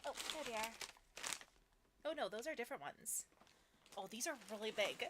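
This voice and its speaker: A chatty woman, slightly high in pitch, giggling as she talks on a casual live stream. A steady background noise sits under her voice. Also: normal speed.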